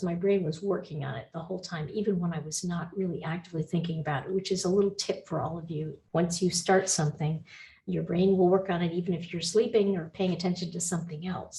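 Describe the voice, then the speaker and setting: A woman instructor talking through slides in a recorded lecture, thinking aloud with small restarts and gently reassuring her students. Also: fairly low pitch, slight background noise.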